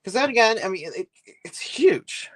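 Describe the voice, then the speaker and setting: Male streamer, rambling, animated delivery. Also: sits high, normal speed. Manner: rambling, chatty, complains with a laugh. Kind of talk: live-stream chat while building.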